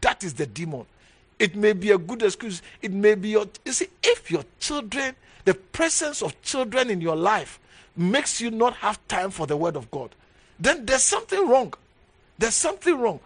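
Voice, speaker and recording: A man preaching a sermon as bishop, emphatic, repeating key phrases and swinging from low murmurs to raised exhortation. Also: sing-song, moderate pace, husky.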